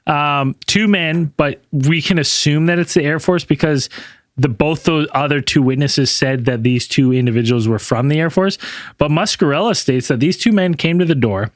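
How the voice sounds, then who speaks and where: A man's voice: on the high side, normal speed, dry recording. A man co-hosting a casual podcast chat, telling a story with lots of swearing and acting out the people in it. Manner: profane, acts out quotes in raised voices. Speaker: podcast co-host.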